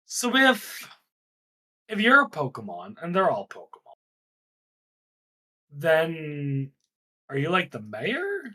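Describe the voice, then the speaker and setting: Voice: medium pitch, huge pitch swings, slow pace, long pauses, pushed and bright. A commentator chatting casually on a live stream, curious and full of questions, with frequent "like"s. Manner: curious, asks lots of questions, fillers of "like". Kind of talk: casual chat.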